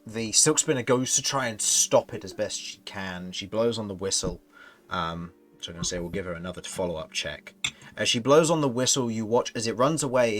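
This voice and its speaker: A man narrating as game master of a tabletop fantasy game, rambling and correcting himself as he goes. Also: medium pitch. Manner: rambling, self-correcting narration with frequent laughs.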